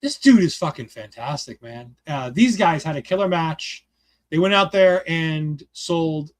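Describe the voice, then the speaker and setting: A man with a noticeably high-pitched voice talks in an excited, rambling way. He swears freely and leans on fillers as he chats casually through a review. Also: unhurried. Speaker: podcast co-host reviewing a wrestling show.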